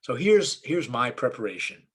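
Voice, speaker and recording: A rabbi and comedian talking casually to an online audience, trading jokes and stories. His voice is slightly husky, and his delivery stays loose, with plenty of ums and false starts. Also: mid-range voice, normal speed. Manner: relaxed storyteller, many fillers and restarts. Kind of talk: online talk telling jokes.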